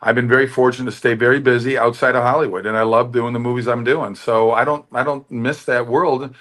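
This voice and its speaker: A man's voice: medium pitch, brisk. Storytelling man in an interview. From United States. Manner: animated storytelling, often acting out quoted dialogue. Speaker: actor and producer, interview guest. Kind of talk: candid interview talk.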